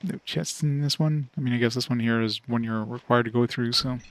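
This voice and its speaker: A man's voice: mid-range voice, brisk. A man casually commenting on his own gameplay with grumbling, offhand remarks. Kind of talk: casual let's play commentary.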